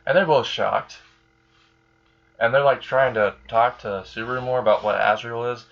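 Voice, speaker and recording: A man's voice: mid-range voice, normal speed, creaky, a bit bright, dull audio. Rambling casual male storyteller. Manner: rambling, casual, filler-heavy. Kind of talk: improvised fan story narration.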